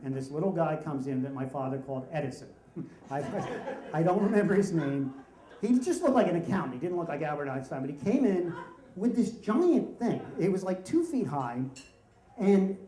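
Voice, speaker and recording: Male storyteller, live slam, wry and animated, mellow tone, roomy reverb. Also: on the high side. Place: stage in a room with an audience. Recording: roomy hall sound.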